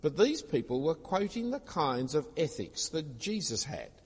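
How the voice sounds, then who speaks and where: A man's voice: on the high side, big pitch swings, normal speed, breathy edge. A man preaching a sermon, explaining scripture in an expository way with casual personal asides. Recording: long reverb of a large hall.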